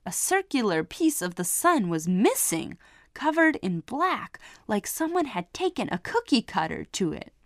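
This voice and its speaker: A woman reads a children's story slowly and expressively. Her pitch rises and falls widely, her voice sits a little high for a woman, and the sound is dry and close. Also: big pitch swings, no echo.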